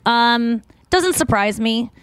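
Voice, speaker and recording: A woman's voice: on the high side, animated, takes it slowly, fairly bright tone, smooth, dry recording. A woman hosting a podcast, chatting casually and rambling with lots of fillers and restarts. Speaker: podcast host. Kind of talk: casual chat.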